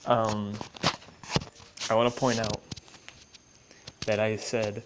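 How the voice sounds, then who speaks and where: A man's voice: fairly low pitch, flat delivery, slow, pauses often, background noise. A man casually recapping a game story, swearing and joking as he acts out other players' lines. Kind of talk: casual rambling recap with acted-out quotes.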